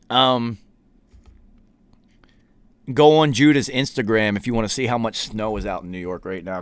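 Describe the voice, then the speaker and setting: A man's voice: lowish voice, clean tone, dry recording. A man hosting a podcast, telling a story in a casual, profane, laid-back way and quoting the people in it. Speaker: podcast host.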